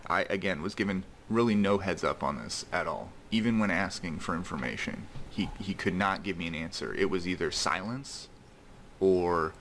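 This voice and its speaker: A man in a played video, recounting a friend leaving him in a halting, hurt way. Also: sits low, background noise. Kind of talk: personal account in a played video.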